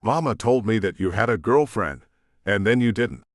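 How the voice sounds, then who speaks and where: A man's voice: fairly low pitch, expressive, moderate pace, no echo, clean studio sound, lightly acted. A man narrating an audiobook voices a teasing, cheerful young woman, the hero's younger sister.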